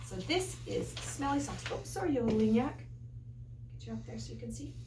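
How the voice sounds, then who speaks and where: Animated woman teacher reading aloud. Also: fairly high pitch, brisk, noisy background. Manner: animated storyteller, playful asides. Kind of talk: reading a picture book aloud to children. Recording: echoey room, far from mic.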